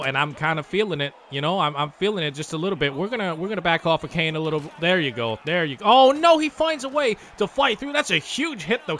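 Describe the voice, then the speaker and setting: Excitable high-voiced gamer guy. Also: gravelly. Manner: excitable, swears casually, talks to players on screen. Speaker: gaming YouTuber. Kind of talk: live gameplay commentary.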